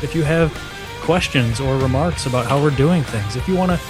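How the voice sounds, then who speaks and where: A man's voice: medium pitch, brisk, over music. Joking male podcast co-host. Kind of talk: casual chat.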